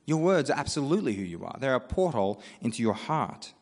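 A man with an Australian accent preaches a sermon in a conversational, animated way. He breaks off into quoted asides. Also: mid-range voice, fairly quick. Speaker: pastor. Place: church. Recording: long church reverb.

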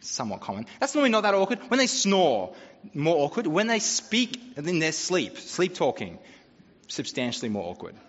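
Man, pastor giving a funny, chatty sermon, slightly high voice, long church reverb, dull lo-fi sound. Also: huge pitch swings, moderate pace. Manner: humorous, conversational storytelling.

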